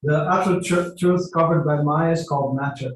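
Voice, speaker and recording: A man's voice: on the high side, steady tone. Man reading aloud in a very echoey room. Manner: measured, formal reading cadence. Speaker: reader. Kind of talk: reading a scripture translation aloud. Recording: very echoey with faint background noise.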